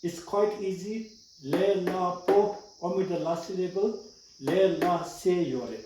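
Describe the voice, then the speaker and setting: A man's voice: sits high, takes it slowly, warm tone. A man with a Tibetan accent teaching a language lesson, patiently explaining rules step by step and repeating words. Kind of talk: slow spoken language lesson. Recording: echoey room, distant mic, faint noise.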